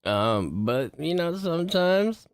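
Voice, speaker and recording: A man's voice: a little high, big pitch swings, takes it slowly, no room sound, studio quality. A man vlogging in a casual, rambling monologue, swearing freely and getting worked up as he talks. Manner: profane, rambling, gets worked up.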